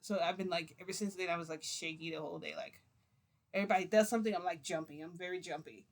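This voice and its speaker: Chatty woman with a low voice. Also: fairly even intonation, fast talker. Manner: rambling, chatty, with frequent laughs and fillers. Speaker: vlogger. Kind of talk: casual storytelling to camera.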